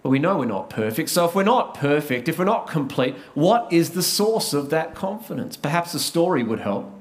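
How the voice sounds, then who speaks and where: A man's voice: on the high side, big pitch swings, moderate pace. A man with an Australian accent preaching a sermon, telling a story earnestly and sometimes restarting his words. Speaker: pastor.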